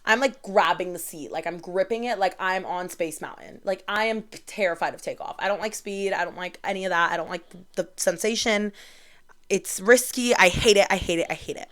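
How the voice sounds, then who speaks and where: A woman's voice: mid-range voice, fairly quick, a bit bright. A young woman in her twenties hosting a casual solo podcast, chatty and bubbly, storytelling with lots of "like". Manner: chatty, bubbly, heavy use of "like". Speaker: podcast host.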